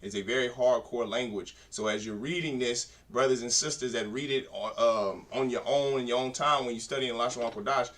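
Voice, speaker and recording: A man's voice: mid-range voice, fairly quick, hardly any pauses, a bit bright. A man teaching a church Bible class, emphatic as he coaches a reader through the text.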